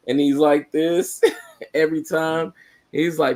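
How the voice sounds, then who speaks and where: A speaker in casual chat, telling an animated story and voicing the people in it. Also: mid-range voice, a little slow.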